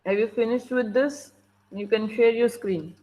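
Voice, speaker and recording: A woman's voice: fairly high pitch, a little slow, mellow, rough recording. Strict Indian-English woman teaching online. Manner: strict, impatient, prodding students to answer. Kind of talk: online class. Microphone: video call.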